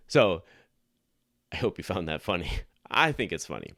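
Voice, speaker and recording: A man's voice: low voice, big pitch swings, moderate pace, long pauses, fairly bright tone, no echo, clean studio sound. A middle-aged man hosting a Christian podcast, talking in an earnest, conversational way with frequent restarts. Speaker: podcast host. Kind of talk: Christian apologetics podcast talk.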